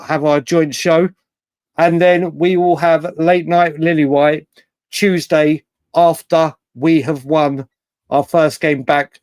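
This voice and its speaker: A man hosts a late-night live fan show. He is chatty and rambling, laughs often and swears freely. His voice sits a little high, and the sound is dry and close. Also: a little mellow, no room sound.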